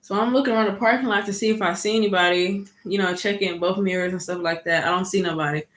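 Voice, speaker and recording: A woman vlogger tells a story in a loose, chatty way, dropping "like" and "you know" throughout. Her voice sits at a middle pitch. The recording has a roomy echo. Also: fairly even intonation, fast. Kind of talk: casual storytime. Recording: echoey room.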